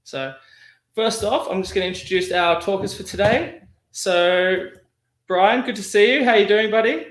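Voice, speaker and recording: A man's voice: sits high, moderate pace, fairly bright tone, echoey room. A man hosting a rum tasting over a video call, chatty and friendly, with many restarts. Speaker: host.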